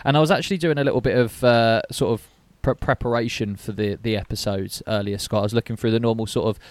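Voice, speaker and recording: A man's voice: mid-range voice, steady tone, fast, no room sound. Brief: male podcast co-host, young adult, casual and joking, dry close mic. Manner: chatty, jokey, rambling with fillers.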